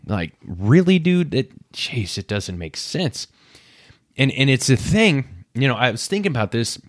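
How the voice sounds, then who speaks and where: A man's voice: medium pitch, big pitch swings, a little slow, dry recording, studio quality. A man in his thirties hosting a podcast, talking candidly and reflectively about his own past and acting out his inner voices. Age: 30s. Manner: candid, self-searching, acts out inner voices. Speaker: podcast host. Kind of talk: personal reflective monologue.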